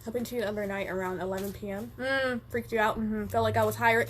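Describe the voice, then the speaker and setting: A woman's voice: mid-range voice, quick pace, few pauses, slight background noise. A young woman hosting a live stream, chatting casually and swearing freely as she reads viewer comments and answers them. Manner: animated, profane, reads viewer comments aloud.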